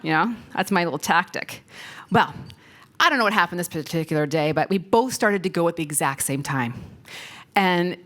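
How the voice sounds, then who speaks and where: A woman's voice: lowish voice, lively intonation, moderate pace, a bit bright. A woman giving a conference keynote on stage, telling stories playfully, laughing often and talking directly to the audience. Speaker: keynote speaker. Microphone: stage microphone.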